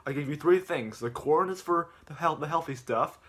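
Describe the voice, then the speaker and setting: A man voicing a patient father who explains things to his son in halting phrases. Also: fairly high pitch, a bit bright, pitched above the performer's own voice. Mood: explaining.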